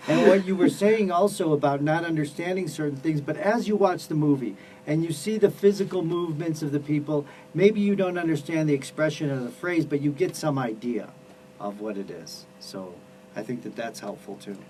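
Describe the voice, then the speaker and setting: Friendly radio co-host, distant noisy mic. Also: male voice, on the high side, normal speed, mellow. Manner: supportive, explaining expressions to learners. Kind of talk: casual radio chat. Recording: distant mic with clear background noise.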